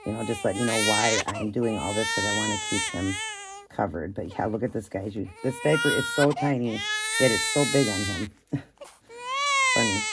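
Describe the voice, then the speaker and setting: A woman's voice: a bass voice, moderate pace, very noisy. A woman vlogging as she cares for a baby doll, chatting in a soothing way and often repeating herself. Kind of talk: casual doll-care vlog. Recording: loud baby crying behind.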